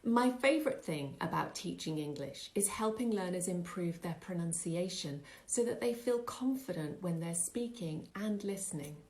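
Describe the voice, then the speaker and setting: A middle-aged woman, an English teacher, giving a clear, measured, scripted lesson voice-over with patient explanations. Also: fairly low pitch, lively intonation, darkish tone.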